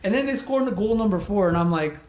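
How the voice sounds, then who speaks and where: Young guy, bit higher voice, rambling story, says like constantly, swears a lot. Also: animated, quick pace, darkish tone. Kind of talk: casual chat.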